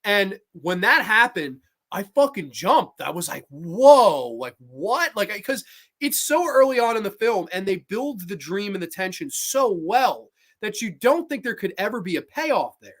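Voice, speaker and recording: A man hosting a podcast, chatting casually and excitably about films, swearing freely and acting out scenes. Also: high-pitched, normal speed. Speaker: podcast host. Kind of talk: casual film chat.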